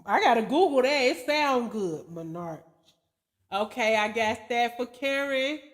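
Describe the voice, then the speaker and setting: A woman with a high, bright-sitting voice hosts a casual livestream, talking to viewers at an easy, unhurried pace. Her speech is loose and slangy, she chuckles often, and she spells out viewer names letter by letter as she reads comments. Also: expressive. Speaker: livestream host.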